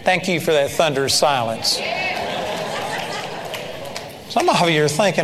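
A man's voice: a little high, huge pitch swings, measured pace, pauses often, a crowd in the background, background noise. A man preaching a sermon in an emphatic way, sometimes mimicking timid, pleading prayers. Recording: long hall reverb.

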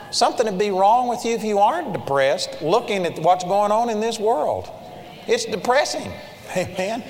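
High-voiced preacher in a reverberant hall. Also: male voice. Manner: emphatic, swings from loud high stresses to low quiet asides. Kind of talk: sermon.

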